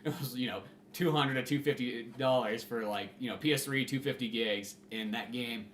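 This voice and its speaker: A man's voice: medium pitch, normal speed, a bit bright, slight background noise. A man co-hosting a podcast in casual chat, rambling and full of "like" and "you know". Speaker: podcast co-host. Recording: roomy echo.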